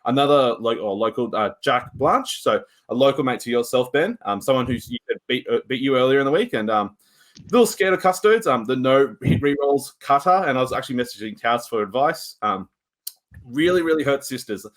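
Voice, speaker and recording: A man's voice: medium pitch, expressive, brisk. Rambling man recapping games. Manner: rambling game recap with frequent shrugging asides. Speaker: podcast co-host. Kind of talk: casual podcast chat.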